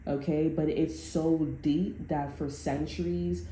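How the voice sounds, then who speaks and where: A woman's voice: deep voice, fairly even intonation, slow pace, warm tone. A woman tarot reader talking in a casual, unscripted monologue, rambling and emphatic, with a lot of profanity. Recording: echoey room with faint background noise.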